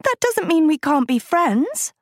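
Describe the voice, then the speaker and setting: A vain teenage girl with a high, sugary voice, as a woman reader puts her on. She coos and wheedles, every word coated in syrupy sweetness, and the reading is slow and dry, close to the mic. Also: big pitch swings, a little mellow, no echo. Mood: coaxing. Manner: cooing, wheedling. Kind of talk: audiobook character voice.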